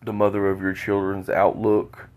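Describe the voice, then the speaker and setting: A man talking alone into his podcast, stuffy from a cold, halting and often repeating words. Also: on the low side, completely flat delivery, a little mellow. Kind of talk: solo monologue.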